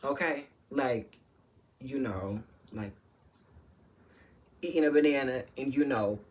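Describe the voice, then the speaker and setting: A woman's voice: very deep voice, slow, darkish tone. A woman telling a candid, profane storytime to her viewers, chatty and addressing them directly. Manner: chatty, many fillers and restarts. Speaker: vlogger. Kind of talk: storytime vlog.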